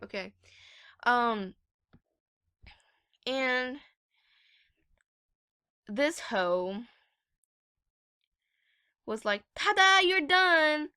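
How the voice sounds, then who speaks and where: A woman's voice: medium pitch, pushed and bright. A teenage girl chatting casually in a vlog, telling an angry storytime while swearing freely. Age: teens. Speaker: gaming vlogger.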